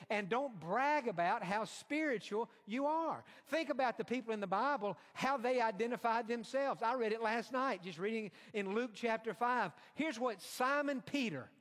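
A male preacher delivers a sermon with earnest, deliberate emphasis. His voice sits high for a man. A long reverb hangs after each line, as in a large hall. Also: a bit bright. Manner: earnest, slow emphatic delivery with quoted asides.

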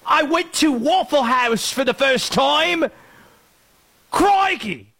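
A man's voice: extremely high pitch, expressive, slow pace, creaky, bright, forceful tone, pitched above the performer's own voice, full character voice. A man voicing a comic European tourist with an exaggerated Australian-English accent. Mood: amazed.

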